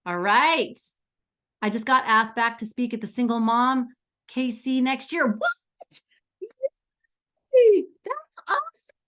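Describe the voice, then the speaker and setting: A woman's voice: a little high, unhurried, bright, forceful tone. A middle-aged woman coaching aspiring speakers in a bubbly, enthusiastic, chatty way, full of stories. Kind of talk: coaching lesson.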